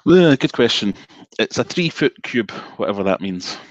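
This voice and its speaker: A Scottish man with a low voice talks easily on a live stream from his home office, relaxed and a bit self-deprecating. The sound is dry and close, and the stream audio is slightly dull. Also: moderate pace, no echo. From Scotland, south of Glasgow. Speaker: guest fishkeeper. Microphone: video call.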